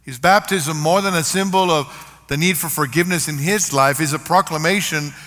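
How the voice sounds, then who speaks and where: Older male pastor, bright and forceful, preaching in a reverberant hall. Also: fairly high pitch, moderate pace. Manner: earnest, varied emphasis, storytelling. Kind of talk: sermon. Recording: long reverb of a large hall.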